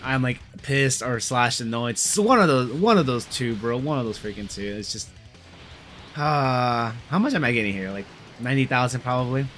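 A man's voice: mid-range voice, lively intonation, normal speed, fairly bright tone, faint music behind. A young man giving casual, slangy commentary on a mobile game, frustrated and peppering his talk with bro and dude.

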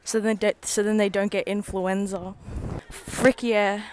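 A woman's voice: mid-range voice, level tone, measured pace, slight background noise. Giggly teen Australian girl vlogging. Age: teens. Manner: giggly, rambling, self-mocking. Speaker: student vlogger. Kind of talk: casual vlog. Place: school grounds, outdoors.

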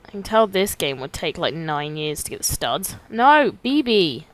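A young woman commentating on a video game, excitable and quick to swear, her pitch bouncing all over the place. She chats to the characters as if they could hear her, in a loose, casual way. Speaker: let's play host.

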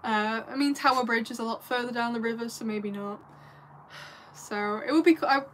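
A woman's voice: a little high, normal speed, slight background noise. A young English woman from the north of England, chatting casually on a livestream, giggly and rambling as she answers viewers at home.

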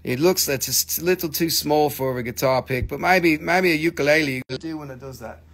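A man with a gravelly, slightly high voice pitches stones live into his phone. He jokes and swears freely, and his grammar is loose and broken. The feel is a casual sales stream. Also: fairly quick, fairly bright tone. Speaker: host selling crystals on a live stream.

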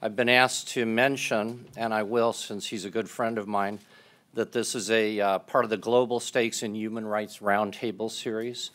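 A man with a fairly low voice opens a public event as moderator. He reads a formal, measured introduction of the guest, polite and orderly. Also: level tone, fairly bright tone. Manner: measured, polite, reading prepared remarks.

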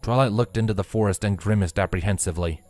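A man reading a fanfiction story aloud in a slow, measured, expressive storybook narration. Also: lowish voice. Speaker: fanfiction reader. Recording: dry close voice with faint music.

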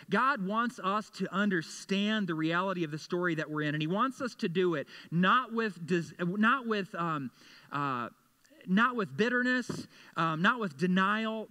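A pastor preaching in church, his voice bright and a little higher than most men's. He presses his points earnestly, stumbling over repeated words, then softens to a hushed, low tone when he comforts his listeners. It is a man's sermon delivery throughout. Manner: drops to a soft, low voice for comfort. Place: church sanctuary.

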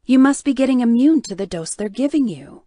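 A woman's voice: on the high side, lively intonation, fairly quick, mellow, dry recording, studio quality, pitched above the performer's own voice. A woman voicing a stubborn, caring young woman who tends a wounded patient in an audiobook, firm and reassuring. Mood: insistent. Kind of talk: audiobook character voice.

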